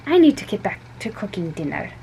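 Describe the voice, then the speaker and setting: A woman's voice: medium pitch, sing-song, fairly quick, creaky, mellow, slight background noise, poor audio. A woman voicing Mrs Capello, a hospitable storybook mother with a slight Italian accent. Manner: hospitable, mock-wounded.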